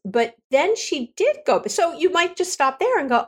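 A woman relationship coach talking candidly on a podcast, conversational and quick to correct herself. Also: high voice, big pitch swings. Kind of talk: podcast monologue.

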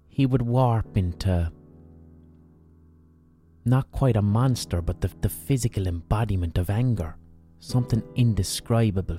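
An Irish man with a deep, mellow voice telling an old legend in a relaxed podcast monologue. He swears freely and leans hard on emphasis. Faint music plays behind him. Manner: profane, emphatic, relishes hyperbole. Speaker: podcast storyteller. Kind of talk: casual storytelling monologue.

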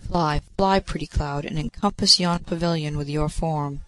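A man's voice: on the high side, steady tone, moderate pace, fairly bright tone, natural voice. A man doing a mischievous boy god of love. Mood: scheming. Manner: playful, conspiratorial.

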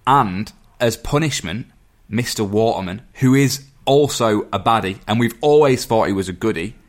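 A man's voice: lowish voice, expressive, normal speed. A man in casual chat, recapping a film plot at length and stumbling over some words. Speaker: podcast co-host.

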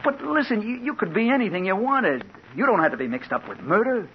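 An actor playing a hard-boiled crime reporter in a 1940s radio drama, narrating in a terse, urgent first-person voice. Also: male voice, high-pitched, sing-song, brisk. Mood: pleading. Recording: old radio broadcast, dull with faint hiss.

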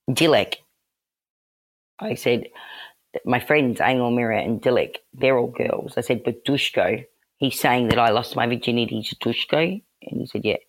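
A woman recounts her own story as a podcast guest. She talks with energy and replays quoted exchanges in lively voices. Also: extremely low pitch. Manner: animated, acts out quoted exchanges, laughs. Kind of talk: personal storytelling.

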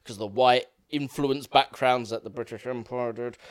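A young man co-hosting a film podcast, talking in a rambling, halting way with many fillers. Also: medium pitch, steady tone, smooth, no room sound, clean studio sound. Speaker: podcast co-host. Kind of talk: casual film chat.

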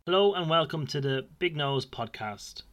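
A man's voice: fairly high pitch, animated, normal speed, a bit bright, dull audio. A man in his thirties with an Irish accent hosting a podcast, talking in a rambling way with many restarts and fillers. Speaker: podcast host. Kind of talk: casual podcast chat. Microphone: video call.

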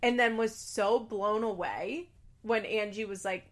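A woman's voice: on the high side, moderate pace. A young woman giving a casual, opinionated recap of a reality show, blunt and exasperated, swearing freely.

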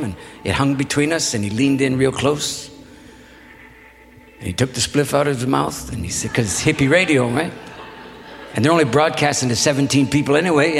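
A man telling a long story to a live audience in an unhurried, reflective, folksy way. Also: medium pitch, in a large hall. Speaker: spoken-word storyteller. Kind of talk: live spoken-word storytelling. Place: hall before an audience.

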